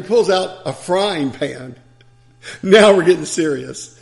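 A man preaching a sermon in a fairly high, gravelly voice. He tells stories with chuckles and asides, then rises into forceful calls to his listeners. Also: lively intonation, a little slow.

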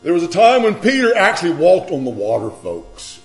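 A man preaching a sermon, dramatic, swinging between loud emphasis and quiet scripture reading. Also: high-pitched, huge pitch swings, normal speed, soft background music. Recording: echoey room with mains hum.

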